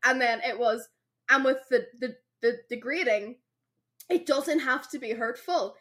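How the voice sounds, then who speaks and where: Young woman, higher-pitched, podcast co-host; animated storyteller who acts out quotes. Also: a little slow. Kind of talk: casual chat.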